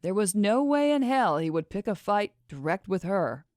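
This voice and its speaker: A woman narrating a fantasy audiobook in a measured, expressive reading. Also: medium pitch, dry recording, studio quality. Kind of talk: scripted fiction narration.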